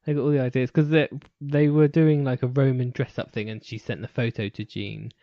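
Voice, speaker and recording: A man's voice: medium pitch, steady tone, fairly quick, no room sound. A man hosting a casual podcast chat, laughing often and saying "like" a lot. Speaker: podcast host. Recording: dry, dull lo-fi podcast recording.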